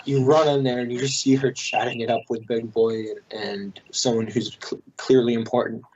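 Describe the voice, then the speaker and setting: A man's voice: mid-range voice, flat delivery, darkish tone. A man runs a tabletop game in a plain mid-range voice, bluntly describing the scene and nudging his players along. The recording is a little dull and muffled, with faint noise behind him. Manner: brisk, blunt, swears casually. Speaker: game master.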